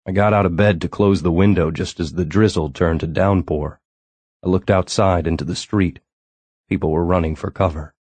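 Male audiobook narrator, low, husky, steady, brooding. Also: normal speed, no echo. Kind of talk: scripted first-person narration.

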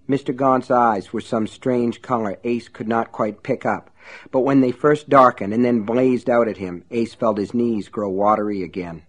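A man narrating a novel aloud in a steady, measured storytelling way. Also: medium pitch. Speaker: audiobook narrator. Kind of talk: scripted narration.

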